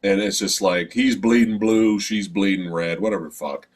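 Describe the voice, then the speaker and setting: A man's voice: fairly low pitch, moderate pace, slightly rough. A man giving a casual, profane spoiler review of a film, ranting with sarcasm and exasperation. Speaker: movie reviewer.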